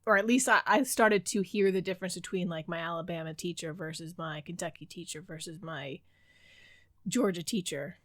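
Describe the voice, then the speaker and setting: A woman co-hosting a book podcast, chatty and quick to laugh. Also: fairly low pitch, fairly bright tone, no room sound, clean studio sound. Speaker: podcast co-host. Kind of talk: casual chat.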